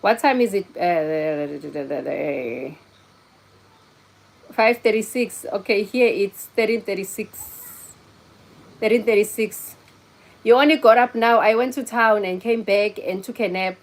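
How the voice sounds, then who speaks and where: A young woman streams live from her phone, talking with her viewers in an unhurried, drawn-out way. She is blunt and talks back sharply, with a voice pitched in an ordinary middle range. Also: gravelly. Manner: blunt, scolding and chatty, talking to chat. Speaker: livestream host.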